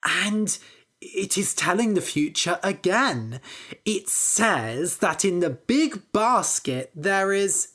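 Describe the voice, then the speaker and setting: Woman doing a sneaky young guy in a storybook, lively up and down, slow. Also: on the low side, exaggerated voice. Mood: sly. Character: clever young man, a cheeky trickster.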